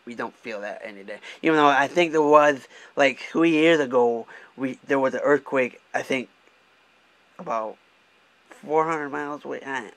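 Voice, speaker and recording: A man's voice: mid-range voice, a bit bright. A young man from Michigan talking candidly in a casual vlog, swearing often and restarting his sentences as he drives. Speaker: vlogger. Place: car, driving.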